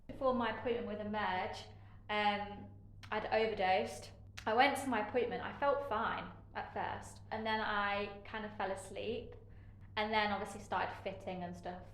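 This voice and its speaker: A woman giving a candid personal account as an interviewee, frank and halting, with many fillers and a sarcastic edge. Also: mid-range voice, fairly even intonation, fairly bright tone, reverberant, rough recording. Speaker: interviewee sharing care experiences.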